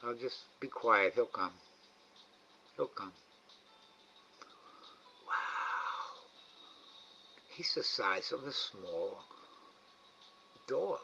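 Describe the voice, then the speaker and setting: A man's voice: medium pitch, expressive, takes it slowly, vocal fry, long pauses, bright, forceful tone, lo-fi sound, a little hiss or hum. A man hosting a live animal camera stream from indoors at night by a window. He coaxes an animal in a raised sing-song voice and mutters to himself between calls. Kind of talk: casual live-stream commentary.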